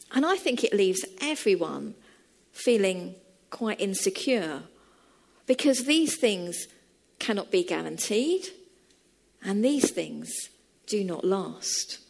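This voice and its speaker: A woman delivering a sermon, her voice moving animatedly up and down in pitch. She tells her story in a measured, unhurried way, sitting at a middle pitch. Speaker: preacher.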